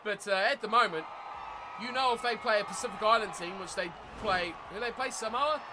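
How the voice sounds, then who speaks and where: A young man commentating a rugby video game live and chatting with viewers, excitable and laughing often. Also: high-pitched, fairly quick, noisy background. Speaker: game streamer.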